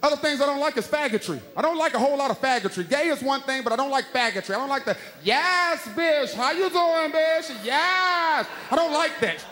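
A man's voice: very high-pitched, animated, rapid-fire, hardly any pauses, fairly bright tone. A man doing a stand-up routine, ranting with exasperated punchlines. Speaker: stand-up comedian. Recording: live hall with noise.

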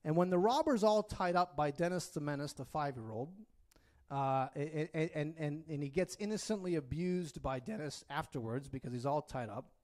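With a fairly high pitch and darkish tone, a man preaches at a moderate pace inside a church. His sermon feels like a conversation, delivered expressively, with regular check-ins with his listeners.

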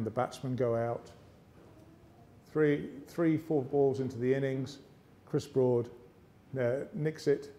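An English man giving a motivational speech on stage, telling a lively story and slipping into other people's voices. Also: mid-range voice. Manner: lively yarn-spinning with character voices. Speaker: motivational speaker. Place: arts centre stage, live audience.

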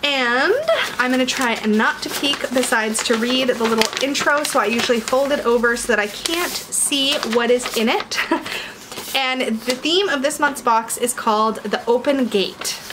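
Excitable woman vlogger, high sing-song voice, faint background noise. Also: moderate pace. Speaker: tarot reader and video host. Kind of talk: casual unboxing vlog.

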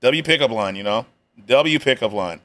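A man's voice: medium pitch, animated, normal speed, fairly bright tone, faint music behind. A young man reacting to a video on a live stream, joking in slang and laughing often. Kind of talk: casual reaction commentary.

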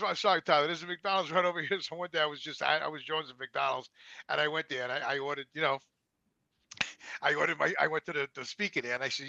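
A man co-hosting a casual podcast, talking fast in a high, bright voice. He stammers and swears as he spins a story. The sound is dry and a little dull, like a lo-fi mic. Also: fairly even intonation, vocal fry, no room sound. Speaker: podcast co-host.

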